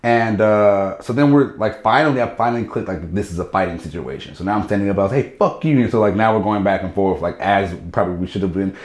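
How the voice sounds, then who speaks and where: A man, a stand-up comedian, telling a story in casual chat, animated and acting out what people said. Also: lowish voice, fast talker, few pauses, roomy sound. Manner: animated, acts out quotes in shifting voices.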